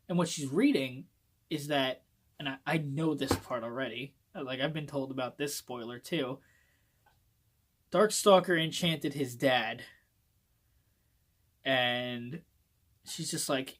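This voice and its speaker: A man giving a casual video book review on his phone, rambling and swearing often as he gets excited. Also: fairly high pitch, takes it slowly.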